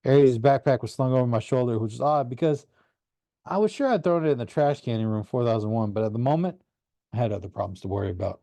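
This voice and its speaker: Guy reading an audiobook, earnest, mellow voice, dry close sound. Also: medium pitch, expressive, fast, no echo. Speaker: audiobook reader. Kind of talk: first-person audiobook narration.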